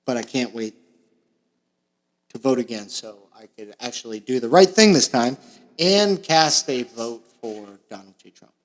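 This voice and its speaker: A young man from Florida hosting a podcast, delivering a crude, sarcastic comedic monologue that swings between mumbling asides and loud bursts. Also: mid-range voice, lively intonation, a little slow, pauses often. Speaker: podcast host. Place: small makeshift home recording space.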